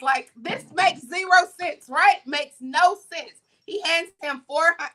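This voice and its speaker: A woman co-hosting a morning talk show, telling a story in a casual, animated way and acting out the people in it. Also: very high-pitched, slow. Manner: animated, acts out the people in her stories.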